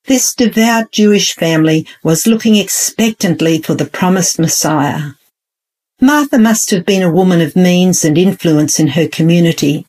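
A woman reading a scripted devotional Bible story in a measured, earnest way. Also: fairly low pitch, darkish tone, husky. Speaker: devotional narrator. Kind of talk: scripted devotional narration with prayer.

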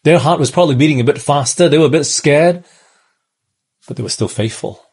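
A man's voice: on the high side, fairly quick, darkish tone, breathy edge. A man from Australia, preaching a sermon in a conversational way and often checking in with the listeners. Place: church in Malaysia.

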